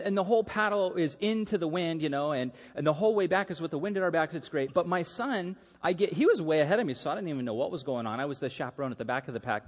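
A man's voice: a little high, big-room sound. A middle-aged man preaching a sermon as a pastor, telling stories animatedly and acting out the quotes.

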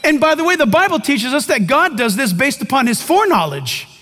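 A man preaching a sermon as pastor, emphatic and animated, with comic asides to the congregation. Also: extremely high pitch, fairly quick. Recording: long reverb of a large hall.

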